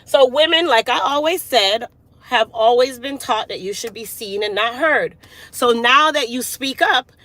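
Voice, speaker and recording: A woman's voice: fairly high pitch, sharp tone, no room sound, poor audio. A woman talking casually and emphatically to her viewers in a motivational, preachy way. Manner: preachy, emphatic, talks straight to her audience. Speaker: hair care business owner and vlogger.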